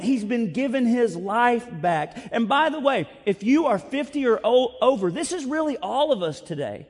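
High-voiced pastor preaching in a reverberant hall. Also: male voice, moderate pace. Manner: conversational, self-deprecating, expressive. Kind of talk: sermon. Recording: long reverb of a large hall.

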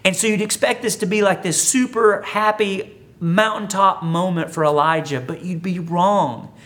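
Chatty, humorous preacher with a higher voice. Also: male voice, normal speed, fairly bright tone. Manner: conversational, humorous storytelling. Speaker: pastor. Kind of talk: sermon.

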